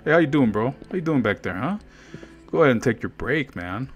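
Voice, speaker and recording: A man's voice: medium pitch, animated, a little fast, lo-fi sound. A man casually commenting on his own gameplay, joking and chatting to game characters and to himself. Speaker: gaming video host. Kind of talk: casual let's play commentary. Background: faint game music.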